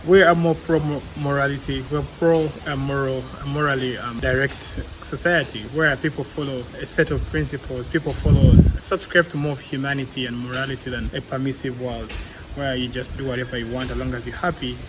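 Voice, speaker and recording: A man's voice: medium pitch, steady tone, a little fast, background noise. A young man with a Ugandan English accent, co-hosting a casual discussion podcast and arguing his view earnestly with everyday examples and many fillers. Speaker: co-host, clinical psychologist.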